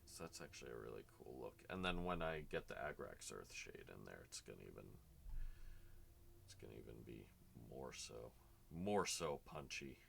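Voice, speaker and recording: A man with a very deep voice talks casually as he paints miniatures for a stream. His tone is bright and forceful despite the low pitch. He rambles and chats with viewers between steps. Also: very animated, normal speed, creaky, a little hiss or hum. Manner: chatty, rambling, talks to chat while working. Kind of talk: casual narrated painting session.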